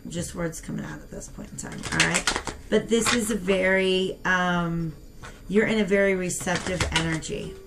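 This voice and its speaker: A young woman giving a casual tarot reading and talking straight to her viewers in a chatty, animated way. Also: on the low side, normal speed, creaky, heavy background noise. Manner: chatty and animated, talks to viewers as "you guys". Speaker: tarot reader.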